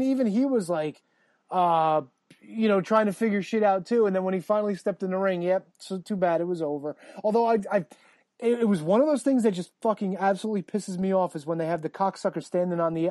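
A man hosting a casual podcast, swearing freely and rambling excitedly while reading out listener comments. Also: high-pitched, no echo. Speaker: podcast host. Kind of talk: casual chat.

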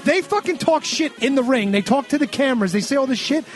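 High-voiced man ranting sarcastically. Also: lively intonation, quick pace, soft background music. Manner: ranting, sarcastic, heavy swearing. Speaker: podcast co-host recapping wrestling. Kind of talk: casual profane recap.

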